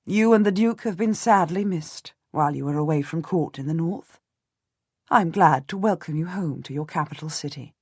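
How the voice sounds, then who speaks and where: A woman reading an audiobook voices a frail, weary young queen who speaks quietly with a catch in her breath. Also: deep voice, normal speed, slightly rough, no echo, clean studio sound. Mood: gracious.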